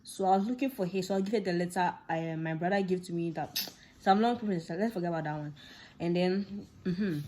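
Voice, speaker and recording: A woman's voice: on the low side, fairly quick, a little hiss or hum. A young woman with a Ghanaian English accent, telling a casual personal story and acting out the dialogue with laughs. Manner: animated, laughing, acts out dialogue. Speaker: vlogger.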